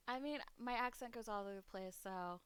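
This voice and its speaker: Young woman streamer, rambling casual chat, clean smooth tone, home desk mic. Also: on the high side, normal speed, dry recording. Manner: rambling, chatty, swears casually. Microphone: desk mic at a home computer setup.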